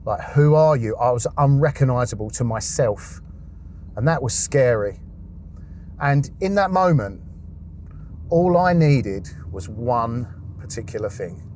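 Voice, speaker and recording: A man's voice: medium pitch, animated, a little slow, pauses often, a little mellow, a little hiss or hum. A man, a podcast guest, telling a raw personal story, swearing often and acting out his past thoughts.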